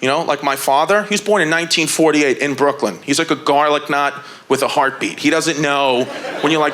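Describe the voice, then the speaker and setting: A man's voice: fairly high pitch, animated, fast talker, a bit bright. A man doing a stand-up set on a comedy stage, riffing brashly with profanity and mimicking his father on a handheld mic. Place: comedy stage before a live audience.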